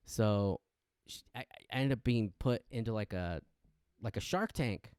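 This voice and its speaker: A man co-hosting a casual podcast, an animated storyteller who acts out quotes. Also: lowish voice, moderate pace, smooth, dry recording, clean studio sound. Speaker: podcast co-host. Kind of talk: casual chat.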